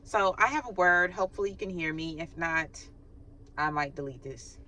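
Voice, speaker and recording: Woman, chatty spiritual reading, bright tone, laughs easily, no proper mic. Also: on the low side, moderate pace, a little hiss or hum. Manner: chatty, laughs often, acts out quoted sighs. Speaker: faith channel host giving a spiritual reading. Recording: recorded without her microphone.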